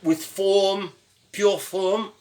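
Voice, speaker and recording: A man's voice: sits high, steady tone, extremely slow, darkish tone. A man in his seventies teaching a casual stone-carving lesson in his studio, playful and chatty, often adding "no?" to his sentences. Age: 70s. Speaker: sculptor teaching a carving course.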